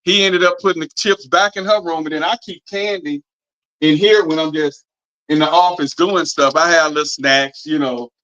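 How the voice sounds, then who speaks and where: A middle-aged man telling a long family story on a podcast in a drawling, animated way. He keeps repeating "I say" and puts on voices for the people he quotes. His voice is bright, sits a little high, and comes through dull, lo-fi stream audio. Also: normal speed. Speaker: podcast host. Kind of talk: casual storytelling chat.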